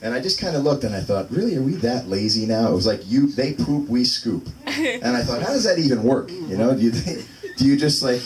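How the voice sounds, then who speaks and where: A comic in his thirties does open mic stand-up at a small venue in a sing-song, mid-range voice, fairly quick with few pauses. He rambles and interrupts himself with fillers, and the distant mic catches loud room noise.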